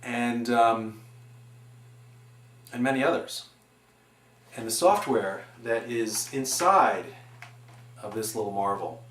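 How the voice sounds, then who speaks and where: A man in his forties giving an earnest, animated presentation on education, building his points with examples. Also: medium pitch, slow pace, pauses often. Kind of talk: explanatory presentation. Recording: echoey room.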